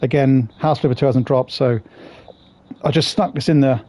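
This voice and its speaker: A man's voice: medium pitch, steady tone, moderate pace, warm tone. A man streaming a game, chatting casually with viewers, swearing and greeting them by name. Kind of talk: casual live-stream chat.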